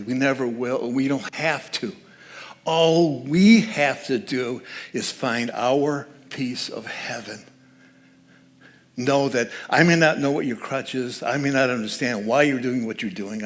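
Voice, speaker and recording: As a guest speaker at a church service, a man with a mid-range voice delivers a conversational sermon full of jokes, laughing at his own asides.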